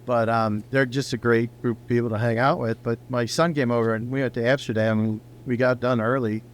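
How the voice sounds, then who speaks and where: Middle-aged male guest, rambling anecdotal storyteller, mid-pitched voice, faint hum. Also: flat delivery, fairly quick. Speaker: guest, company founder. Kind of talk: casual storytelling interview.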